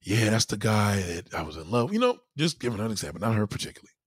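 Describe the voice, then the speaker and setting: This man's fairly low voice has a breathy edge, and he talks fast in clean, echo-free studio sound. As a casual host, he spins animated, profane stories and acts out the people he quotes in mock voices.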